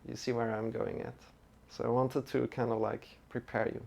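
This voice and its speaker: A man teaching a beginner yoga and meditation lesson as a live stream, talking in a relaxed, chatty way with many fillers. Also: mid-range voice, moderate pace, creaky. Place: home room.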